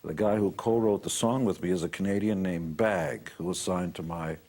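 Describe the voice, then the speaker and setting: A man's voice: deep voice, moderate pace, a little mellow. An older man telling stories as a motivational speaker, blunt and boastful. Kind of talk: storytelling talk.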